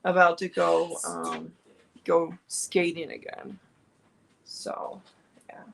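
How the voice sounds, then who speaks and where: A woman's voice: on the low side, big pitch swings, takes it slowly, vocal fry, fairly bright tone, a little hiss or hum, poor audio. A woman chatting casually on a home crafting livestream, rambling with fillers and restarts. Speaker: crafting vlogger.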